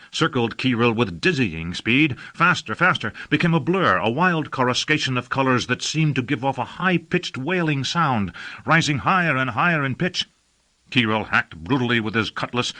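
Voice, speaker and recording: A man narrating a science fiction audiobook in a measured storytelling manner. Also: mid-range voice, bright, forceful tone. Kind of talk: scripted narration.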